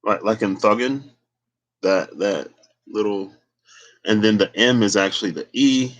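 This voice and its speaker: A man's voice: fairly low pitch, measured pace, fairly bright tone, poor audio. A man giving a casual solo tarot reading and rambling as he thinks aloud. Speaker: tarot reader.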